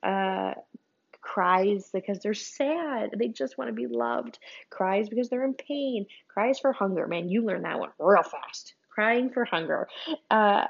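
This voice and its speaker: A woman in her thirties chats about parenting with a mid-range voice full of vocal fry. She loops back and restarts her phrases as she talks. The recording sounds dull and lo-fi. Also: mid-range voice, measured pace. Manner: chatty, repeats and restarts phrases. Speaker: parent giving advice. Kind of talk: casual parenting talk.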